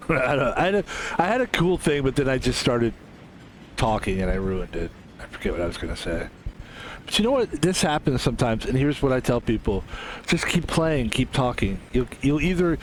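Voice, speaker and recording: A man's voice: mid-range voice, a little hiss or hum. A man from the United States rambling casually while streaming a game, often trailing off, restarting and laughing.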